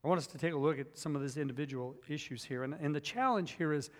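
A man's voice: a little high, quick pace, in a large hall. A man preaching a sermon as pastor, emphatic and repetitive, telling personal stories to make his points.

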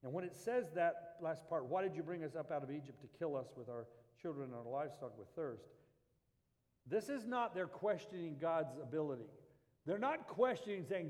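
A man's voice: fairly high pitch, lively intonation, moderate pace, big-room sound. A man preaching a Sunday sermon, reading scripture and rising to impassioned pleas. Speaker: pastor.

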